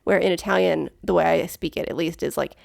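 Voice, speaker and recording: A woman's voice: on the low side, steady tone, fairly quick, creaky, darkish tone, no room sound, clean studio sound. An American woman co-hosting a podcast in casual chat, thoughtful and self-correcting. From United States. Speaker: podcast co-host.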